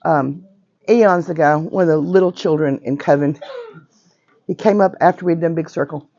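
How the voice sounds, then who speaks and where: An older woman in her sixties leads a small class, her voice hoarse and worn down to a gravelly rasp. She talks in a chatty, emphatic way and keeps checking that everyone follows. The recording is dull and lo-fi, with a dry, close sound. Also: low-pitched, moderate pace, mellow, no echo. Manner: chatty and emphatic, frequent "right?" and "okay?" check-ins. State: hoarse, voice nearly gone. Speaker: witchcraft teacher. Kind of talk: informal class lecture. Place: metaphysical shop classroom.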